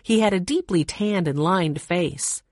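A woman narrating a children's chapter book in a calm, steady reading voice. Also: fairly low pitch, unhurried, no room sound, clean studio sound. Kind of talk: audiobook narration.

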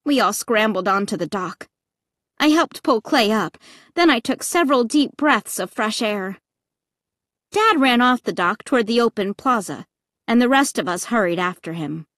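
A woman narrating an audiobook in the first person, with expressive, dramatic storytelling on a close mic. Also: on the high side, moderate pace, no room sound.

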